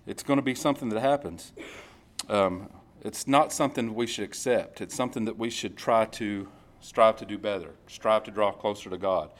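A man preaching a conversational sermon at a church service, reading scripture slowly and often repeating himself. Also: fairly low pitch. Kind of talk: informal sermon.

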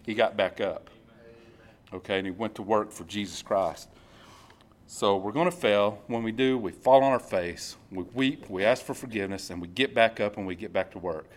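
A man preaching a conversational sermon at a church service, reading scripture slowly and often repeating himself. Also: on the low side. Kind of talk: informal sermon.

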